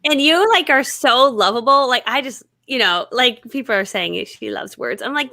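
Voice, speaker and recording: A woman hosts a casual live chat in a bright, forward voice. She sounds enthusiastic and laughs easily. The recording is dry and close. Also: on the high side, lively intonation, moderate pace, creaky, hardly any pauses, no room sound. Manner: enthusiastic, giggly. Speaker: host.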